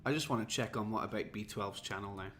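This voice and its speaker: A man's voice: fairly low pitch, fast, a bit bright, slight background noise. A tired, jetlagged man from Wales, rambling and self-mocking as he chats with viewers on a livestream. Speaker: livestream host. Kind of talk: casual livestream chat.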